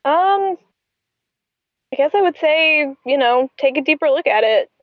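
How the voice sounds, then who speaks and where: High-voiced young woman answering briefly. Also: lively intonation, a little slow, dry recording. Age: young adult. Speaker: podcast guest. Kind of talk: casual interview chat. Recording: dull lo-fi dry sound.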